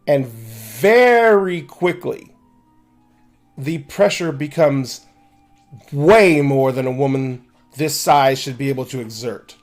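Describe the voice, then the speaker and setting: Quick-talking male game master. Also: mid-range voice, expressive, faint music behind. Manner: quick, with many restarts. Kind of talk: narrating a tabletop game.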